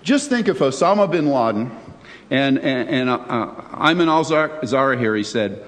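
A man's voice: medium pitch, expressive, moderate pace. A male pastor preaching a sermon in a chatty, conversational way, often asking his listeners questions. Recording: long reverb of a large hall.

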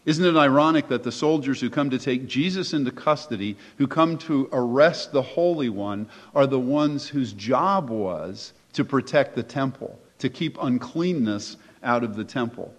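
A man's voice: mid-range voice, animated, moderate pace, hardly any pauses. A man preaching a sermon as pastor, conversational and emphatic, posing rhetorical questions to his listeners. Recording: echoey hall, dull lo-fi sound.

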